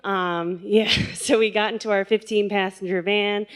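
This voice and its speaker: Woman in her twenties, stage storyteller, smooth clear voice, chatty, laughing. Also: medium pitch, steady tone, a little slow. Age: 20s. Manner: chatty, laughing, filler-heavy. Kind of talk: live storytelling at a story slam. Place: stage at a live event.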